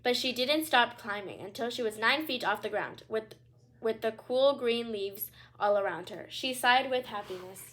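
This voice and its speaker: A woman's voice: a little high, normal speed, a bit bright. A young woman reading a children's book aloud, with chatty asides and small stumbles. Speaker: read-aloud storyteller.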